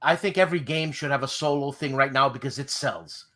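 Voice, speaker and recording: A man from Canada chatting on a podcast, animated and teasing. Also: medium pitch, fairly quick. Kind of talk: casual chat.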